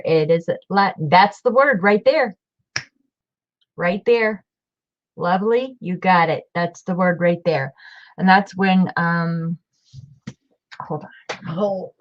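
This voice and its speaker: A woman in a relaxed live-stream book show-and-tell, rambling from one book to the next and calling out hellos to viewers. Her voice sits a little low and she takes her time. The recording sounds dull and muffled. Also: slow pace, pauses often. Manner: chatty and rambling, greets viewers by name.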